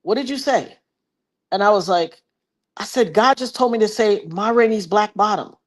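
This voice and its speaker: A woman's voice: medium pitch, normal speed. A woman in her fifties telling a personal story in a casual livestream, acting out the voices of the people she quotes and talking about prophecy like a preacher. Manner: animated retelling, acts out quoted voices; preachy, talks of prophecy and God.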